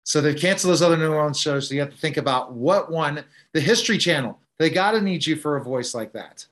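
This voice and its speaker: A man's voice: a little high, lively intonation, fast talker, fairly bright tone. A man hosting an interview show, asking eager follow-up questions and adding short replies. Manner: eager, prompting questions, brief backchannel replies. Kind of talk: casual interview.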